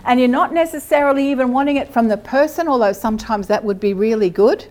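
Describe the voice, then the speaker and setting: Aussie lady preaching in a chatty way, fairly high voice, keeps checking in with the crowd. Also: fast talker. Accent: Australian. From Queensland, Australia. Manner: lively, asks the audience questions. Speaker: teacher. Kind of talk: conversational church teaching.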